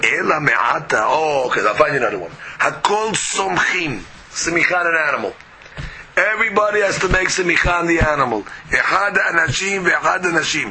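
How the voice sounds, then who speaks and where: Male Talmud teacher, lively swooping delivery, debating himself with rhetorical questions. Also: a little high, a little hiss or hum, rough recording. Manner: argues both sides with rhetorical questions. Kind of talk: animated Talmud class.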